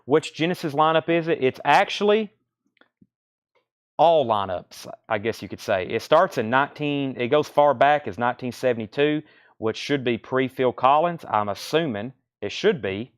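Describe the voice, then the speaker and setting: A man hosting a live-streamed record sale, briskly listing titles and prices and taking bids in a casual selling patter. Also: medium pitch, animated, clean tone, no room sound, studio quality. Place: record shop.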